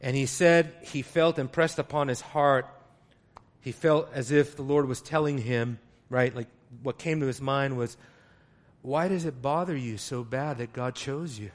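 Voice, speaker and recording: A man preaching an expository sermon, emphatic and rising to loud exclamations as he reads scripture. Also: medium pitch.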